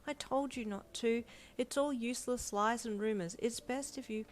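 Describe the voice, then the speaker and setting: A woman voicing a gentle, earnest young male hero in an audio fanfiction, soft and reassuring. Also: on the high side, moderate pace, voice pushed up, close to an everyday voice. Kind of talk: audio fanfiction role-play.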